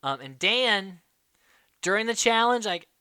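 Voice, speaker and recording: A podcast host in casual chat, rambling and excitable, packing the talk with fillers. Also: mid-range voice, measured pace, noisy background. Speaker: podcast host recapping a reality show.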